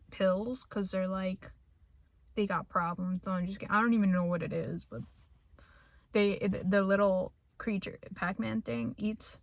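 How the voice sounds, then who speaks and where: A woman's voice: mid-range voice, fairly bright tone, dry recording. A young woman rambling casually about her day at work, joking at her own expense and now and then dropping into a whisper. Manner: joking, self-mocking, drops into whispers. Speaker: vlogger.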